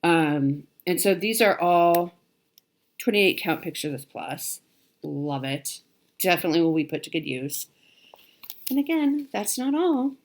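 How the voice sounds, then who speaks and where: A woman's voice: lowish voice, lively intonation, unhurried. Gushing, chatty woman showing craft supplies. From Pacific Northwest, United States. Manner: gushing, chatty, many ums and small laughs. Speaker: cross-stitch vlogger. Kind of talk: casual chat showing stitching haul.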